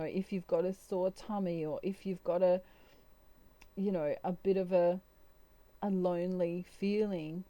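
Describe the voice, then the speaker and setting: A woman with a soft, mellow voice reads tarot in an unhurried, halting way. She sits slightly low in pitch and speaks with gentle emotion, pausing often as she relays messages. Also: no echo. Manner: slow, soft, emotional, hesitant. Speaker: tarot reader. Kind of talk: spiritual channeled reading.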